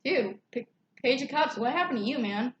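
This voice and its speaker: A woman's voice: high voice, animated, moderate pace. Casual woman tarot reader, loose and profane; roomy echo, faint noise behind. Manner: chatty and loose, swears and laughs easily. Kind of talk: casual tarot reading vlog. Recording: echoey room, faint background noise.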